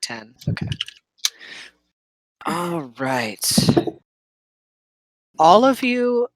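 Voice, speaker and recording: A game master narrates a tabletop game, slowly laying out each creepy detail and pausing between beats to build suspense. His ordinary-pitched voice is very animated, recorded dry and close with no room sound, and the recording is rough.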